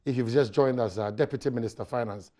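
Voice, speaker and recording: Ghanaian male host, mid-pitched voice, probing questions, switches Twi and English. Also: fast talker, warm tone. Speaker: morning show host. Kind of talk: hosting a talk segment.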